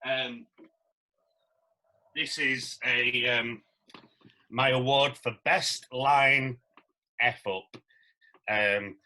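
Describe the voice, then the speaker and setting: A middle-aged man, a stage actor casually telling animated anecdotes and acting out quotes. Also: medium pitch, rough recording. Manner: animated storyteller, acts out quotes.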